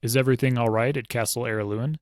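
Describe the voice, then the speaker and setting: A man voicing an excitable, worried knight father who fires off eager questions in a dry, close reading. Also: medium pitch, fast, no echo, close to an everyday voice. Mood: puzzled.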